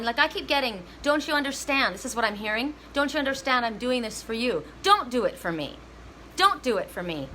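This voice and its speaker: A woman's voice: high voice, sharp tone, a little hiss or hum, poor audio. A woman giving a live oracle card reading, chatty and emotional, breaking into bits of songs.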